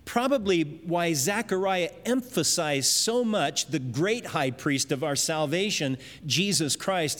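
A man with a high voice gives an earnest Bible sermon, walking through the verses and tying them to everyday life. His words ring out with a long reverb, as in a large hall. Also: fairly bright tone. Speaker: preacher. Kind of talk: expository sermon.

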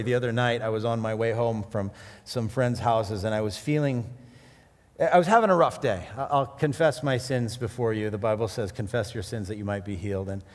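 A man preaching a sermon, mixing scripture with animated personal stories and jokes. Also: medium pitch. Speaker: pastor. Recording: long hall reverb.

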